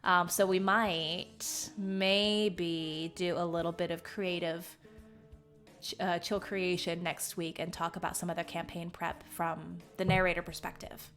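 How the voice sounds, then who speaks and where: A woman from the Southern United States with a light Southern American accent, hosting a stream as game master in excitable, bubbly casual chat. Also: fairly low pitch, unhurried, soft background music. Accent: light general Southern American. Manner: bubbly, excitable, laughs often.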